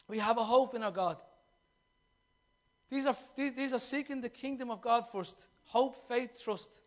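A man delivering a fervent sermon in a strikingly high voice. He keeps asking the congregation questions and slips into the voices of the people he quotes. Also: normal speed. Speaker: preacher. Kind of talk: impassioned sermon.

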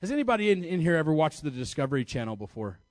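A man's voice: fairly high pitch, very animated, racing, darkish tone, no echo. An American man preaching, telling a story in a chatty, self-mocking way and laughing at himself. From United States. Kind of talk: storytelling sermon to an audience.

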